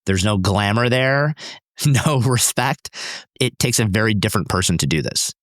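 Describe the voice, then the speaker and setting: A man's voice: fairly low pitch, lively intonation, normal speed, no echo, studio quality. A man, a company founder, telling personal stories in an interview in an intense, emphatic, driven way. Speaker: startup founder and CEO, podcast guest.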